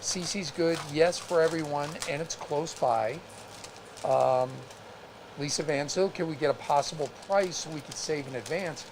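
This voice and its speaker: Male co-host, somewhat high-pitched, halting and restarting, with noisy live-stream audio. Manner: halting, restarts often, reads viewer comments aloud. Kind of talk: casual live-stream chat.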